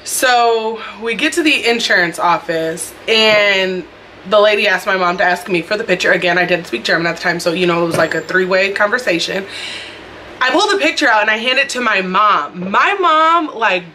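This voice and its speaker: A young woman vlogger telling a story in a chatty, expressive way, talking straight to her viewers and recording on her phone. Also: mid-range voice, moderate pace, a little hiss or hum. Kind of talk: casual storytime vlog. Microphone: phone camera.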